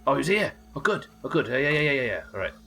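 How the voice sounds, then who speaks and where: A man's voice: medium pitch, big pitch swings, very fast, creaky, sharp tone, faint music behind. A young British man streaming a game live, chatting casually, laughing often and swearing freely. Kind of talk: casual live gameplay chat.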